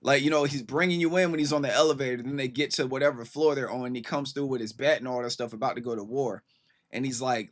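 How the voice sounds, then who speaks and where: A man hosting a reaction video, talking in quick, excited casual commentary over a rap song and reading the lyrics aloud. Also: medium pitch. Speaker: reaction channel host.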